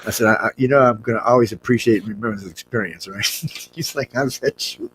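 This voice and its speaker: As a talk show guest, a man tells a long anecdote in a rambling, blunt way, chuckling throughout his casual storytelling. His voice is lowish and fairly bright, his pace quick, with slight background noise.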